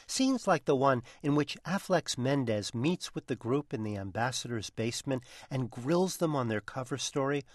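Male critic, mid-pitched voice, dry booth, wry scripted review. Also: expressive, moderate pace, hardly any pauses, no echo. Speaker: film critic.

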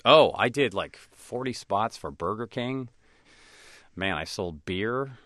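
Low-voiced man telling animated stories. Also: slow, no echo, clean studio sound. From United States. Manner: animated storyteller who acts out voices of others. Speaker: actor and comedian guest. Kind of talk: conversational interview.

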